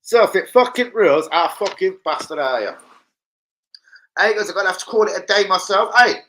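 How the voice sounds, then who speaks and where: A man's voice: sits high, a little fast, a bit bright, a little hiss or hum, low-quality recording. A young man with a London accent hosting a casual livestream, swearing freely in laddish banter. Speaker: livestream host. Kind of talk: casual live chat reading comments. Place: home, indoors.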